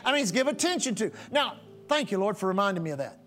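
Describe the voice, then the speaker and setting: High-voiced pastor preaching with repetition. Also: male voice, very animated, fast talker, a bit bright, soft background music. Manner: repetitive preaching cadence, repeats phrases for emphasis. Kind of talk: sermon.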